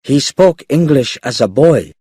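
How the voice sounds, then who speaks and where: A kindly old grandmother from a storybook, read out by a man, gentle and reassuring. The delivery is slow and lively in pitch, with a slightly husky edge. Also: no room sound, clean studio sound.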